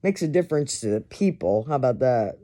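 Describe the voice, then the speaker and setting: A woman's voice: rumbling low, expressive, a little fast, dark tone. A middle-aged woman telling stories in a casual monologue, laughing often and swearing freely. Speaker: host.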